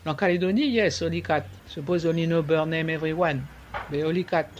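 A man, explaining things in an interview in a halting way, repeating words and slipping into French. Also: fairly high pitch, dull audio. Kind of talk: conversational explaining.

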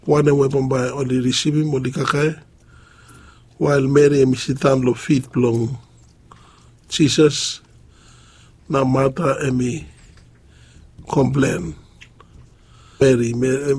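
A man preaching a sermon, halting and pausing often. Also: medium pitch, fairly even intonation, darkish tone, slightly rough. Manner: halting, with many pauses and fillers.

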